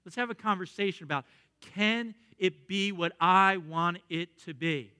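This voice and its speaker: A man preaching a sermon, reading scripture and speaking earnestly and with emphasis, sometimes dropping into quieter asides. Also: high-pitched, measured pace, smooth. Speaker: pastor.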